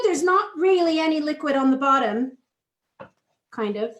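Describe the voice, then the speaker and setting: A woman's voice: high-pitched, lively intonation, normal speed. A woman hosting a live cooking stream, chatty and laughing easily as she works. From United States. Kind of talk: casual live-stream chat. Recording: roomy echo.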